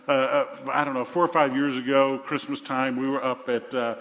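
An older man preaching a sermon, telling a Bible story with animated energy and acting out the voices. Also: medium pitch, moderate pace. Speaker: pastor. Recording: echoey hall.

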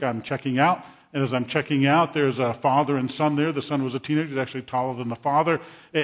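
An older male pastor delivers a sermon, pressing his points with emphatic repetition and personal stories. His voice is a little husky, of middling pitch. The recording sounds dull and lo-fi. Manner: emphatic preaching with storytelling asides.

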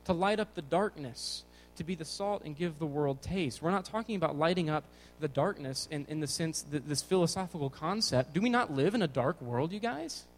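A man's voice: on the high side, a little fast, hardly any pauses, a little hiss or hum, poor audio. A young man giving a casual, jokey sermon to teenagers as a youth pastor, talking with energy. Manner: energetic, jokey, bouncing around.

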